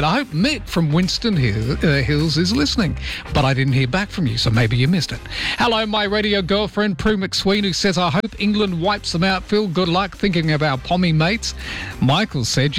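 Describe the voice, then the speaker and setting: A man's voice: fairly high pitch, lively intonation, moderate pace, a bit bright, faint music behind. A man with an Australian accent hosting early-morning radio, chatting about listener texts and reading the papers. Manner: chatty, self-deprecating, reads listener texts. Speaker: radio host. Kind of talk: early-morning radio chat and news read.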